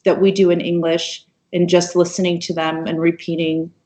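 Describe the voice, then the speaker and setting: An American woman speaking as a guest on a video call, warm and reassuring. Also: fairly low pitch, level tone, normal speed. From United States.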